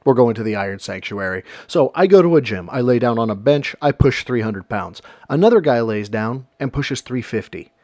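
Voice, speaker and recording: A man's voice: mid-range voice, animated, normal speed, hardly any pauses, a little mellow, no room sound. A man narrating a scripted commentary video in a sarcastic, mocking manner.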